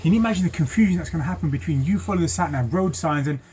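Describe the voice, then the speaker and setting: A man, a driving instructor telling a story in a lively way, full of ums and acted-out voices. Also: fairly high pitch, racing, slight background noise. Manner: animated, acts out voices, many ums. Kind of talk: casual storytelling.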